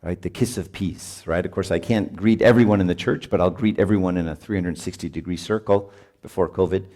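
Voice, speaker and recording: A priest addresses a marriage retreat in a chatty manner, often laughing and asking "right?" along the way. He has a deep, warm voice and speaks a little fast.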